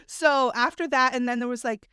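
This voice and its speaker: Chatty woman podcaster, smooth voice. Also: high-pitched, fairly even intonation, normal speed, pushed and bright, dry recording, studio quality. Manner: chatty, many "like" fillers, storytelling. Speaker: podcast co-host. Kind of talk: casual chat.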